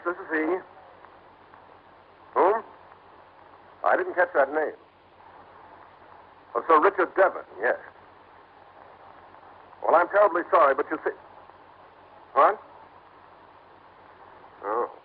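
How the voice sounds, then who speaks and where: An actor playing a suave detective and narrator in a 1940s radio drama, speaking in an urbane, wry, confident way. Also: male voice, a little high, big pitch swings, slow, long pauses, slight background noise, full character voice. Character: suave American detective husband. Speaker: narrator and lead. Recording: tinny old radio broadcast.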